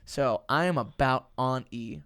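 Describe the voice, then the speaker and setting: A man, hosting a casual podcast chat and telling stories with lively acted-out quotes and frequent laughs. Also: medium pitch, measured pace, smooth, dry recording. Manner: animated storyteller, acts out quotes, laughs often. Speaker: podcast host, musician.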